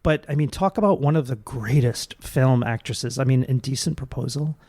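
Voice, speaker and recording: A man talking as a guest in a casual podcast chat, animated and emphatic, often restarting his sentences. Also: medium pitch, moderate pace, dry recording, studio quality. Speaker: guest, satirical performer.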